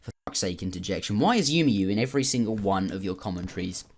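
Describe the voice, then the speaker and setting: An exasperated male viewer with a British accent, heckling the commentator, as a man puts him on. He grumbles in a hushed, low tone and swears. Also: lively intonation, quick pace.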